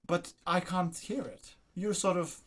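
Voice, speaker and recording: A man's voice: high-pitched, steady tone, a little slow, slight background noise. A man teaching a violin masterclass, coaxing his student and singing phrases to show them. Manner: coaxing, sings phrases, asks "do you understand?". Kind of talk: masterclass coaching.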